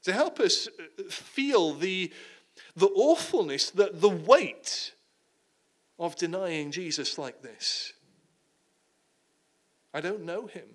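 A man preaching a sermon, retelling the passage dramatically and dropping to hushed tones at the heavy moments. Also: sits high, lively intonation, slow pace.

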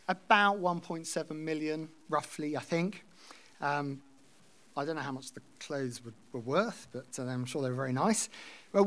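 Man preaching a relaxed sermon. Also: a little high. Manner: conversational, reads scripture aloud and explains it. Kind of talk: expository sermon.

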